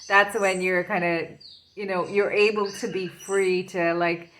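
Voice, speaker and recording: A woman's voice: on the low side, little pitch movement, unhurried, a bit bright, slight background noise. A woman doing an intuitive tarot reading, rambling and searching for her words as she talks. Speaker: tarot reader.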